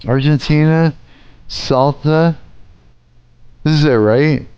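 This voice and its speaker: A man's voice: on the high side, slow, a little mellow, clear, resonant tone, dry recording, dull audio. A man live-streaming, reacting casually to a video, laughing often and swearing as he thinks aloud.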